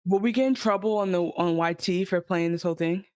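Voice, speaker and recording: A woman co-hosting a casual reaction chat, playful and quick to laugh. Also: lowish voice, darkish tone. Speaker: podcast co-host.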